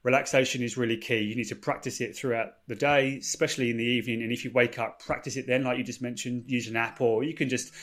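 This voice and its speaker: A man talks through sleep advice in a relaxed podcast conversation. He explains patiently, piling up rephrasings and lists. His pitch sits in the middle for a man. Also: fast talker, hardly any pauses. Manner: explanatory, repeats and rephrases points. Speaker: sleep expert. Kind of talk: casual podcast chat.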